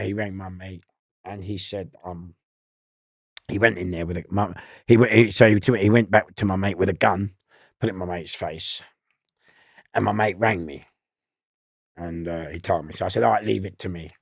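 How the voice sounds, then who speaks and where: A man, telling a rough anecdote in a casual chat and laughing at his own story. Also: deep voice, normal speed, long pauses, no echo, clean studio sound. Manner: gravelly, laughs loudly at own stories. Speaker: guest storyteller.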